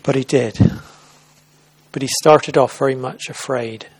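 A man's voice: medium pitch, fairly even intonation, a little slow, slightly rough. A man giving an informal sermon at a church service, retelling a Bible story in a conversational way and often restarting and repeating words. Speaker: preacher.

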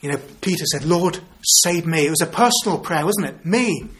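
A man's voice: on the high side, expressive, fast, a bit bright. A man in his fifties preaching an evangelistic sermon, earnest and full of rhetorical tag questions like "don't we?". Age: 50s.

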